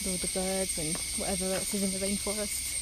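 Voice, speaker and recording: A woman's voice: mid-range voice, level tone, fast. A woman narrating a casual travel vlog on her phone, chatty and rambling, full of asides. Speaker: travel vlogger. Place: outdoors on holiday, rainforest and streets. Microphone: phone camera. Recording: phone audio with outdoor noise.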